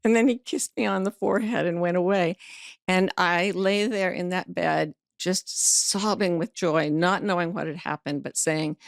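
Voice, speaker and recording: A middle-aged woman tells a personal story as a podcast guest. Her voice is low and gravelly, and the close mic sounds dry. She acts out each quoted voice in vivid, blunt, earthy storytelling. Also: steady tone, normal speed, dry recording. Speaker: guest author and life coach. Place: podcast studio.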